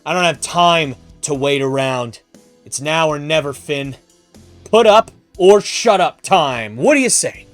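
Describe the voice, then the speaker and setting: A man voicing a cocky, brash male wrestler who trash-talks loudly. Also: fairly high pitch, expressive, unhurried, soft background music. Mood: taunting. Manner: loud, taunting trash talk.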